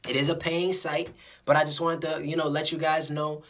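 At normal speed and mid-range pitch, a motivational vlogger talks casually and directly to viewers on camera. The delivery is animated and preachy, with faltering repeats and short acted-out dialogues.

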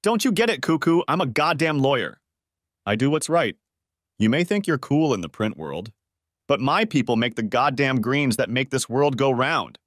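Male narrator doing a sneering middle-aged bully lawyer, menacing, lively swings, dry close sound. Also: mid-range voice, normal speed, no room sound, voice pushed up. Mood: gloating. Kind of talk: audiobook character voice.

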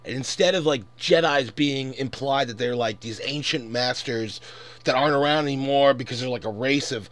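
A man's voice: medium pitch, normal speed, fairly bright tone, no echo. A man in his twenties ranting angrily and profanely in a casual commentary. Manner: angry, profane, exasperated. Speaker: vlogger.

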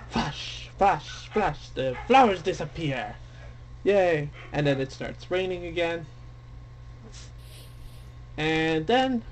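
A young man commenting casually on a game he plays, excitable and dramatic, mocking himself, with game music behind. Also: a little high, a little hiss or hum. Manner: excitable, dramatic, self-deprecating. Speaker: let's play gamer. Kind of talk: casual game commentary, reading dialogue aloud. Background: faint game music.

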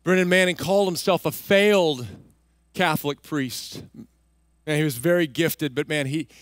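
High-voiced animated male pastor. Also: normal speed, dry recording. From Texas. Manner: animated, acts out voices in his stories. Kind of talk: sermon storytelling. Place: church stage.

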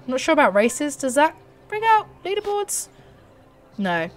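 A young British woman giving excitable commentary while playing a horse racing game, urging her horse on. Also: high-pitched, moderate pace. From Britain. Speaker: gaming YouTuber. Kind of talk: live gameplay commentary.

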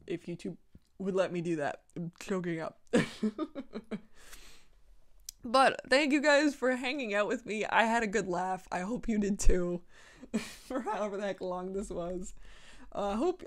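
A woman hosting a casual podcast, reading her old fan fiction aloud and breaking off into swearing, mock-outraged asides and laughter at her own writing. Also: medium pitch. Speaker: podcast host.

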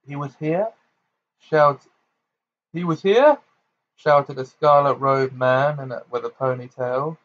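A man reading a novel aloud in plain, steady narration with small slips. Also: medium pitch. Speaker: audiobook reader. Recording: slightly muffled home recording.

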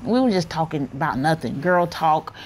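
A woman vlogging outdoors on her back porch, talking candidly and warmly to her viewers in a chatty, heartfelt way. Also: low-pitched, animated, moderate pace, slight background noise. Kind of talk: casual vlog talk to camera.

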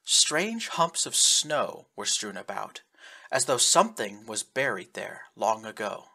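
Husky-voiced man narrating a story. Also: on the low side, very animated, a little slow, pushed and bright. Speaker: audiobook narrator. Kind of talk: scripted narration.

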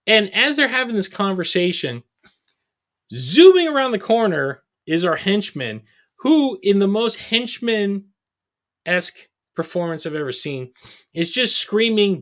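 A podcast host, a man, recaps a bad movie in casual, sarcastic chat. His voice sits a little high, and his intonation swings widely as he tells the story. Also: big pitch swings, unhurried, fairly bright tone.

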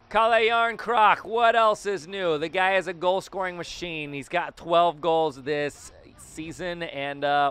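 Young guy doing jokey hockey game commentary, kinda high voice, crisp and clean, yells a lot when stuff happens. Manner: excitable, jokey, frequent loud outbursts. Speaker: gaming YouTuber. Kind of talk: casual gameplay commentary.

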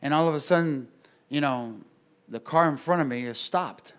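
A male pastor telling a story in a casual, animated way to a men's group at church, talking straight to his listeners. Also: a little high, moderate pace, smooth. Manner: animated, conversational, addresses the audience directly. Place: church gathering room.

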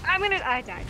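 A woman co-hosting a game stream, chatting casually and playfully with frequent laughter. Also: very high voice. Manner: giggly, playful, laughs often. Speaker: stream co-host. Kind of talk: casual gaming chat.

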